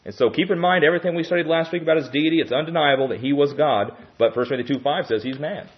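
A man's voice: on the high side, fast talker, dull audio. A man preaching a Bible-teaching sermon in a teacherly way, often checking in with "okay?".

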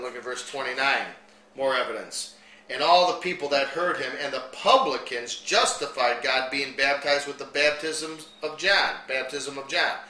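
Man, preacher, bright forceful voice, somewhat high, echoey room, scripture reading with asides. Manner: reads King James verses, then breaks in with lively asides and chuckles.

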